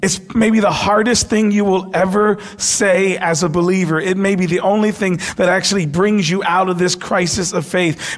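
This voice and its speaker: A man preaching a sermon as pastor, impassioned, dropping to a hush when he quotes. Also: high voice, fairly even intonation, moderate pace, few pauses. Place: church sanctuary.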